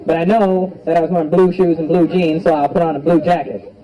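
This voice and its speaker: A man's voice: a little high, fast talker, rough recording. A man doing a stand-up comedy set on a club stage, joking loosely and with a lot of swearing, working the crowd and doing voices. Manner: loose, profane crowd work with animated impressions. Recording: live club recording with crowd. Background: audience laughter.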